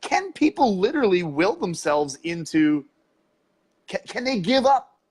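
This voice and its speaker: A man hosting an interview, asking questions and offering steady, supportive agreement. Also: high voice, slightly rough. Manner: supportive and affirming, with quick agreements. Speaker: interview host. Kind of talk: casual interview.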